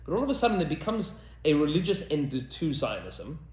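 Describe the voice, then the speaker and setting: Emphatic rabbi, lively pitch. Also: male voice, a little fast, reverberant. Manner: emphatic, repeats lines for effect, mixes in Hebrew terms. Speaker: rabbi and teacher. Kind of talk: animated podcast discussion.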